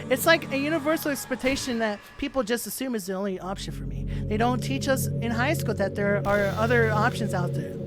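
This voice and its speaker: A woman's voice: on the high side, close to an everyday voice. A woman voicing an obsessive, lovesick schoolgirl club president who talks sweetly and pleads when wounded, over game music.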